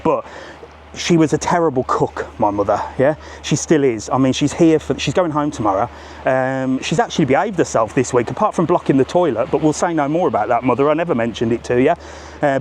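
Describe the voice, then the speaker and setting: A middle-aged travel vlogger strolls a seaside promenade on a live walking stream, his fairly high voice slightly mellow with a faint hiss or hum. He's cheeky and talkative, cracking jokes with passersby.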